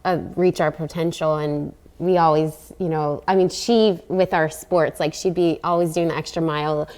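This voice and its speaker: A woman's voice: deep voice, steady tone, moderate pace, darkish tone. A woman in her thirties, an athlete, speaking steadily and reflectively as an interview guest. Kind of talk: casual interview talk.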